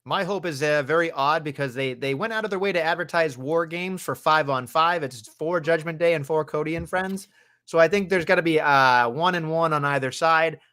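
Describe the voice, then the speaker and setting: A man's voice: fairly high pitch, normal speed, bright, forceful tone. A man co-hosting a casual wrestling podcast, talking in an exasperated, profane way. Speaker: podcast co-host.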